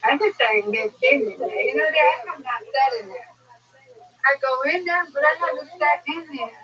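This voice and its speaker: A woman's voice: high-pitched, moderate pace, fairly bright tone. A woman calling in from home, chatting casually and talking aside to people in the house. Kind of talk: casual chat. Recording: dull lo-fi sound from a distant mic.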